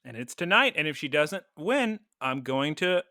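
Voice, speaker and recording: Animated, chatty woman podcast co-host. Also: sits low, normal speed, dry recording, studio quality. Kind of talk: casual chat.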